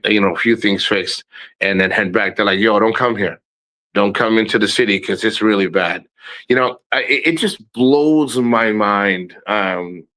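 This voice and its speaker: A man's voice: on the low side, sharp tone, rough recording. A middle-aged man rambling casually in a travel vlog, blunt and profane, laughing often. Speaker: travel vlogger.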